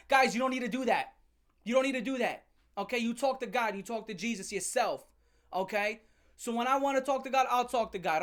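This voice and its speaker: Animated woman ranting with lively pitch. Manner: animated, profane storytelling with sudden shouts and laughs; repetitive rhetorical questions. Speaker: channel host. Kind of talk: comedic rant.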